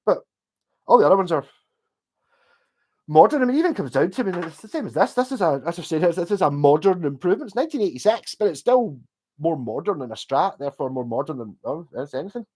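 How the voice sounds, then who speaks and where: A man's voice: fairly high pitch, lively intonation, quick pace, mellow. A Scottish man hosting a livestream, chatting casually and answering viewer comments in a rambling, sweary way full of restarts. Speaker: livestream host.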